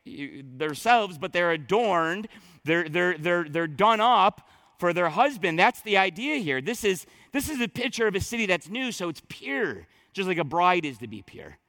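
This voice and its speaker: High, bright-voiced male pastor preaching. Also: very animated, normal speed, creaky, dry recording. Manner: conversational preaching with frequent restarts and asides. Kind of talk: sermon.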